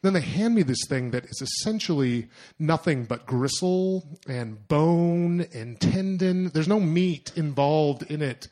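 A young man telling a personal story to an audience, animated and self-mocking, acting out his own thoughts in asides. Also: fairly high pitch, unhurried. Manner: animated, self-mocking, lots of fillers and acted-out inner voices.

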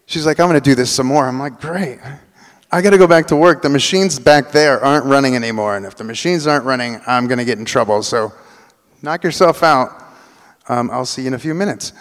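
A man tells a personal story live on stage. His delivery is animated and he acts out the voices of the people in it. His mid-pitched voice carries a long reverb from the hall. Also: fairly quick.

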